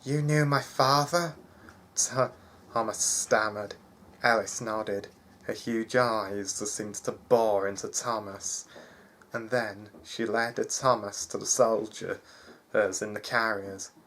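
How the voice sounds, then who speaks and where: Slow, halting male storyteller. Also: on the low side, flat delivery, fairly bright tone. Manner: halting, with frequent restarts. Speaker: narrator. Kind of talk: reading a fan-written fantasy story aloud.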